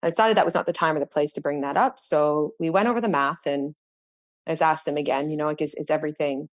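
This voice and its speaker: A woman's voice: low-pitched, fast talker, no room sound. A woman educator, a podcast guest, earnestly recounting classroom experiences in conversation, with frequent restarts and repeated words. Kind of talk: reflective storytelling in conversation.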